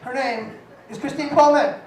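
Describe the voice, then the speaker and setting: A host in a comedy club introducing comics with crude, joking hype. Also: female voice, sits high, moderate pace, very noisy. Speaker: show host. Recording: echoey club, far mic, loud crowd.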